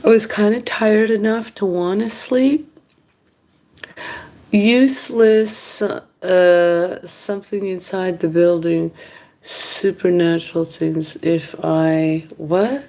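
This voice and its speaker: A woman vlogger at home, rambling and complaining in a casual late-night monologue, turning animated when she quotes others. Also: on the low side, slow. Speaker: mukbang vlogger. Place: indoors at home.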